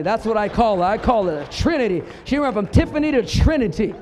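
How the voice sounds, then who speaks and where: A middle-aged man preaching a sermon, telling funny stories with punchlines and building up to emphatic shouts. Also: high-pitched, expressive, a little fast, hardly any pauses, a faint crowd, slight background noise. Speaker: pastor.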